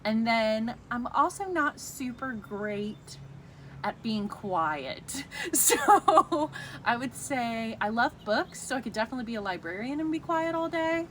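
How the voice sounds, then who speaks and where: A woman co-hosting a casual chat, telling lively stories and laughing often. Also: a little high, a little slow, a little hiss or hum. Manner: animated storyteller, laughs often. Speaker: co-host.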